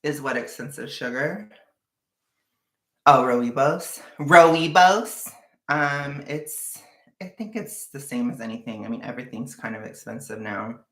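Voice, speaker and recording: A woman's voice: rumbling low, normal speed, a bit bright, roomy sound. A woman with a Californian accent chatting casually with her livestream viewers, rambling, sighing and venting with frank frustration. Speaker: vlogger chatting with a live audience.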